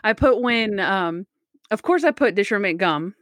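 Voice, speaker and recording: A woman's voice: medium pitch, animated, measured pace, fairly bright tone, no echo, studio quality. A woman hosting a casual chat, recapping scenes in a chatty way with lots of retelling.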